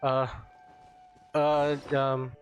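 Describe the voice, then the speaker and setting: A man's voice: mid-range voice, monotone, very slow, clear, resonant tone, lo-fi sound, faint music behind. A man streaming a game, chatting casually and rambling as he searches for words. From Philippines. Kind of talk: casual gameplay chat.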